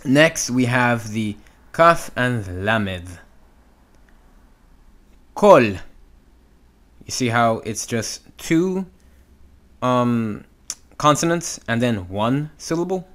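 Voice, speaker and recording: A man's voice: mid-range voice, animated, takes it slowly, a bit bright. A man teaching Hebrew reading, patiently sounding out letters and syllables step by step. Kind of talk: instructional walkthrough.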